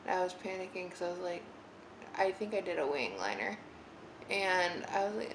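A young beauty vlogger talks her way through a makeup tutorial at home, rambling, giggling and filling her speech with "like." Her fairly low voice is very animated and moves at a normal speed. The roomy living room carries faint ambience and slight background noise.

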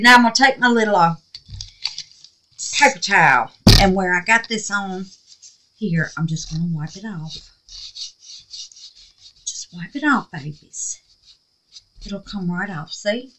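A woman talking viewers through a resin craft, chatty and quick to exclaim, calling them babies and y'all. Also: medium pitch, animated, background noise. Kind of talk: casual crafting tutorial talk.

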